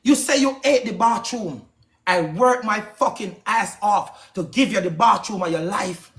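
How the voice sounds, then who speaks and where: A man's voice: high voice, measured pace, a bit bright. A man with a Jamaican accent on a live stream, ranting hard, swearing often and repeating himself for emphasis. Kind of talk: heated live-stream rant.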